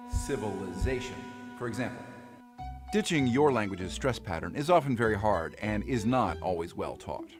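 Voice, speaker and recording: A man narrating an educational explainer clip in a clear, engaging scripted style. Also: on the low side. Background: background music.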